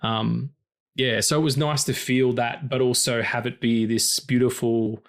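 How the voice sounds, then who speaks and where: A man co-hosting a film podcast in casual chat, talking passionately and swearing freely, his pitch jumping high when he gets excited. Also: unhurried. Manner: passionate and emotional about stories. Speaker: podcast co-host.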